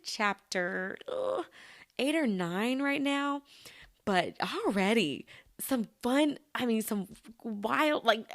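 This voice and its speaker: A chatty woman hosting a solo podcast in a casual, giggly way. She talks straight to her listeners at a medium pitch. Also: a bit bright. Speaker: podcast host.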